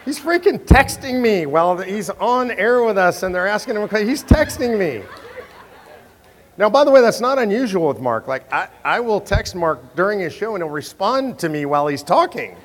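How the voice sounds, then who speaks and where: A man telling a story to an audience in an animated, chatty way, often restarting his sentences. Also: high voice, moderate pace, in a large hall, a faint crowd.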